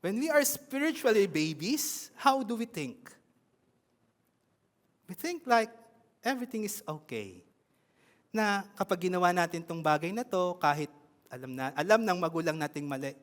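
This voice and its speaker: A man with a Filipino accent preaching a sermon in an animated way, often asking his congregation questions. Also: high voice, normal speed, pauses often, big-room sound.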